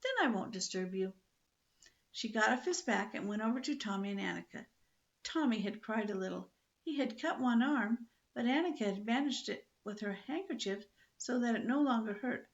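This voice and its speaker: An older woman reading a children's book aloud in a lively, expressive storytelling manner. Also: fairly high pitch, normal speed, gravelly, highs cut off.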